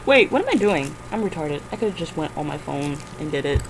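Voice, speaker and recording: A woman's voice: deep voice, lively intonation, a little fast, slight background noise, poor audio. A tired woman rambling through a casual screen-recording vlog, swearing often and flaring into frustrated outbursts. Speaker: vlogger.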